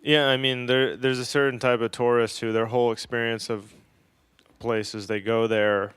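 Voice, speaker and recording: Smooth-voiced man telling travel stories. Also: mid-range voice, little pitch movement, moderate pace, fairly bright tone, dry recording, studio quality. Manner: profane, self-deprecating, puts on mocking voices in quotes. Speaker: podcast co-host. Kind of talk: casual chat, travel storytelling.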